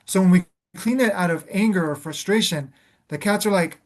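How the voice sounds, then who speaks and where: A man's voice: high voice, normal speed. A man hosting a reflective spiritual conversation, speaking earnestly and calling the listener "beloved", often restarting his phrases as he searches for words.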